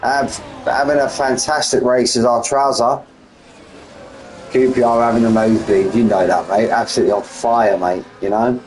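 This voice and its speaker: A man's voice: mid-range voice, normal speed, a little hiss or hum, rough recording. A man in his forties giving casual, slangy live race commentary, chatting between calls and jumping up at close moments. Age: 40s. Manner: chatty, slangy, answers chat mid-race, bursts of excitement.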